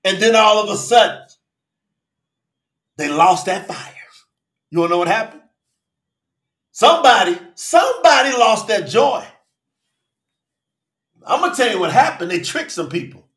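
A high, lively male voice preaches with fire, calling listeners by name and shouting his points in African American speech. The sound is bright and carries a roomy echo. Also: measured pace, pauses often. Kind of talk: fiery sermon on a live stream.

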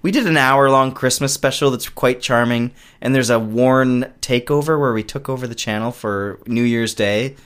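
A man's voice: mid-range voice, normal speed, hardly any pauses, fairly bright tone, clear, resonant tone. A man being interviewed about his puppet shows, chatting casually and rambling, often trailing off mid-sentence. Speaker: guest, puppet show creator.

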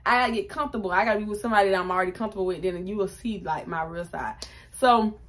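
A woman, chatting casually through a storytime and jumping up in pitch to act out quotes. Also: rapid-fire. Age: 20s. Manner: animated, chatty, acts out quotes with raised pitch. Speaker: vlogger.

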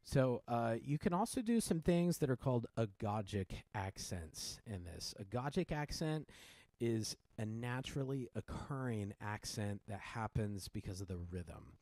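Relaxed man teaching piano, dry sound. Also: medium pitch, a little slow, no echo. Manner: relaxed, many fillers and restarts, counts beats aloud. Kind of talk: casual piano tutorial.

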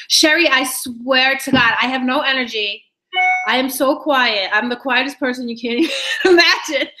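A young woman hosting a casual live beauty giveaway stream, chatting excitedly with viewers, laughing often and trailing off mid-sentence. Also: on the high side, rough recording. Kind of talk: casual live-stream chat reading comments.

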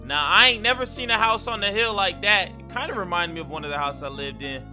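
A young man reacting to scary clips, excitable and full of slang, yelping and shouting at the scares. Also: sits high, fast talker, soft background music. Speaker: video reaction host.

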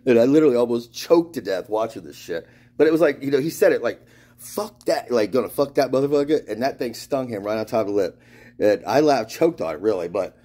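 Mellow-voiced man rambling profanely. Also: mid-range voice. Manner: profane, laughs through his stories; meandering, restarts and trails off. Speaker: spiritual vlogger. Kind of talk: rambling monologue.

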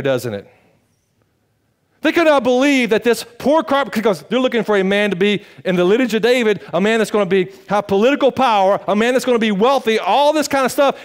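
A man pastor, preaching a sermon, swinging from loud emphatic peaks to hushed low passages.

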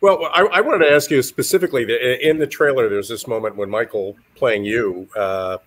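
A man on a talk show panel, asking the guest measured, thoughtful questions. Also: medium pitch, fairly bright tone. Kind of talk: interview questions.

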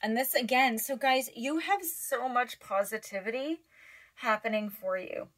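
A woman's voice: fairly high pitch, a little slow, fairly bright tone. A woman giving a casual, emotional tarot reading to her viewers, getting teary, chatting with lots of fillers and restarts. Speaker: tarot reader.

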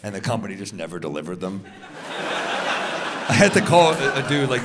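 A man in his thirties doing stand-up crowd work on a club stage, teasing audience members with quick, profane banter. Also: fairly low pitch, sing-song, noisy background. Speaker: stand-up comedian. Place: large comedy club stage before a live audience. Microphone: handheld stage mic. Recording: live club recording with crowd laughter.

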